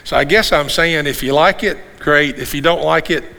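A man in his sixties, a pastor preaching an animated sermon with rhetorical questions and repeated refrains. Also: fairly high pitch, moderate pace, gravelly. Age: 60s. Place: church sanctuary. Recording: long hall reverb in a church.

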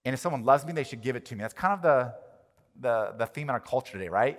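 A male pastor delivering a sermon, animated, swinging from loud emphatic lines to quiet ones. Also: medium pitch, fast. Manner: animated, rises and drops in volume for emphasis. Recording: long reverb of a large hall.

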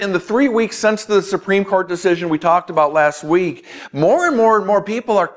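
A male pastor delivers a sermon in an earnest, emphatic way, stacking repeated phrases for weight. His voice sits somewhat higher than most men's. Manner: earnest preaching with emphatic repetition.

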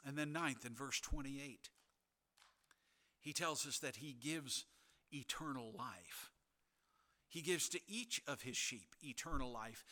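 A man preaching a sermon as a pastor, earnest and building to emphatic, insistent peaks, with soft, near-whispered asides. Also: a little high, animated, a little slow.

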